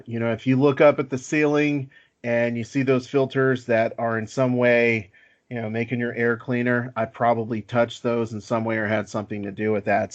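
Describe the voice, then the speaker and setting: A man hosting a casual podcast chat, easygoing and self-deprecating, with lots of filler words. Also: medium pitch. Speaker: podcast host. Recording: slightly dull lo-fi audio.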